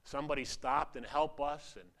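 A man voicing a wife who quietly reproaches her husband. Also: fairly high pitch, fairly even intonation, normal speed. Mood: reproachful.

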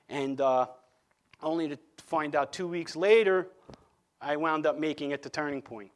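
A man tells his own faith testimony in an earnest, halting way. His voice sits a little high for a man, and he often restarts and repeats words as he goes. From Long Island, New York. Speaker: speaker giving a testimony.

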